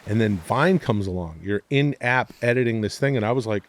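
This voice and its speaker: A man's voice: on the low side, brisk, few pauses, no room sound. A man who is a comedian guest, telling stories in a rambling, profane, self-deprecating way on a podcast. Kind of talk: casual podcast storytelling.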